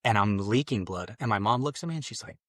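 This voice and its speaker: A man in his late twenties, a podcast guest, tells his personal conversion story in an earnest, loose, conversational way, acting out his own past thoughts. His voice is on the low side and a bit bright, with lively intonation and a fast pace. The recording is studio quality with no room sound.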